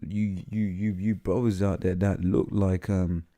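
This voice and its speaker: A man giving an informal scripture teaching, full of fillers and "right?" tags, reading passages aloud haltingly. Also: deep voice, flat delivery, mellow. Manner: halting, many fillers and tag questions; reads text aloud haltingly. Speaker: lay preacher.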